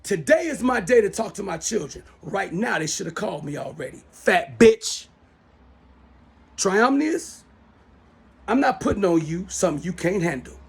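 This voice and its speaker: Speaking at a moderate pace in a high, creaky, husky voice, a middle-aged man fumes into his smartphone as host of his own show. He's very animated, and his angry rant to camera is profane and keeps repeating itself.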